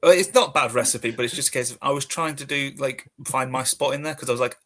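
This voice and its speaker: Bright-voiced British man, joking. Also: medium pitch, quick pace. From Britain. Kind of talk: casual chat.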